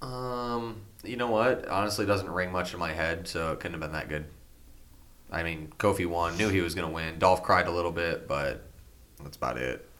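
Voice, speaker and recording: A man's voice: low-pitched, fairly even intonation, moderate pace, a bit bright. A man co-hosting a casual wrestling recap, giving dry, blunt opinions. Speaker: podcast co-host.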